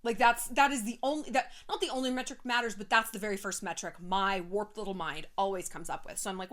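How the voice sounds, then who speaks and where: A woman's voice: mid-range voice, steady tone, quick pace, few pauses, a bit bright. A woman in her thirties talking to camera in a blunt, profane, motivational self-help vlog, slipping into playful voices. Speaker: vlogger.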